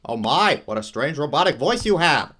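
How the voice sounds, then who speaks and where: A man voicing a pompous elderly male judge, declaiming his lines loudly. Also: fairly high pitch, sing-song, moderate pace, breathy edge, pitched above the performer's own voice, exaggerated voice. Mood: puzzled. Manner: loud, declaiming. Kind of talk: reading a game script aloud.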